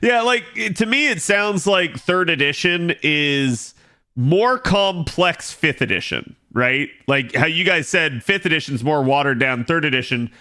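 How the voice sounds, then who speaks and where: A man's voice: a little high, expressive, unhurried, sharp tone. A man casually chatting with his stream viewers, thinking aloud with lots of filler words. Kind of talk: casual live-stream chat.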